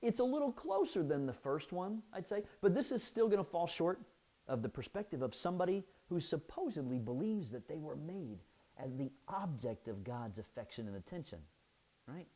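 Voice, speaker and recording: A man's voice: fairly high pitch, very animated, moderate pace, mellow, low-quality recording. A man preaching a sermon as pastor, often restarting his phrases and asking the listeners "right?".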